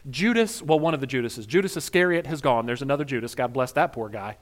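Medium-pitched and quick, the pastor's lively intonation carries a sermon told with dry humor. He recounts scenes conversationally, alternating quiet stretches with emphatic ones.

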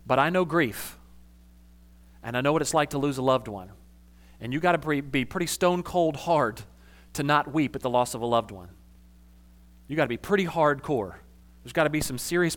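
A man preaching a conversational sermon as a pastor, casual and animated, with slangy asides. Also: fairly high pitch.

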